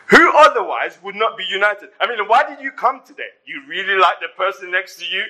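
A pastor preaching a sermon to his congregation, animated and joking in asides. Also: high voice, moderate pace, poor audio. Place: church service before a congregation.

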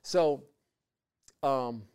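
A man telling his personal faith testimony as a guest, with lively repeated phrases and acted-out quotes. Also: medium pitch, extremely slow, clean tone. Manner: lively, repeats words, acts out quoted voices. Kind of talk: animated personal storytelling.

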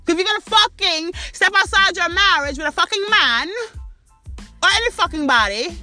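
High, bright-voiced British woman ranting. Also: lively intonation, soft background music. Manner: foul-mouthed, indignant, rapid rhetorical questions. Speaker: podcast host. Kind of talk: profane ranting commentary.

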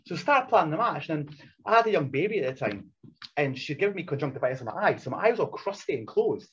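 A man's voice: on the high side, fast. Man telling rowdy wrestling stories. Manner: profane, animated anecdotes. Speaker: former wrestler. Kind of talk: casual storytelling. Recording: dull lo-fi sound with faint noise.

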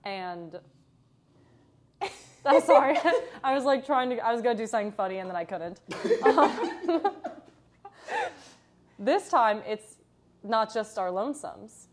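A woman's voice: on the high side, big pitch swings, unhurried, long pauses, slight background noise. A young woman in her twenties co-hosting a casual podcast, playful and giggly. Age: 20s. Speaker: podcast co-host. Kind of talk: casual chat.

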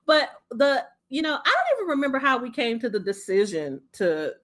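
Woman, podcast co-host, animated and giggly, voice swings up and down a lot. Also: high voice, normal speed. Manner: laughs often, animated and playful. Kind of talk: casual chat.

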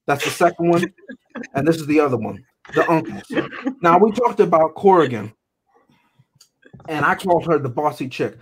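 A man co-hosting a podcast in casual chat, animated and joking with exaggerated outbursts. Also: on the high side, normal speed, pauses often, a little hiss or hum. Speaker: podcast co-host.

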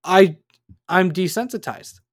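A man's voice: high voice, slow, no room sound, studio quality. Heated young man in his twenties. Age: 20s. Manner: heated, ranting, swears freely. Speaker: podcast co-host. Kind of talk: casual chat.

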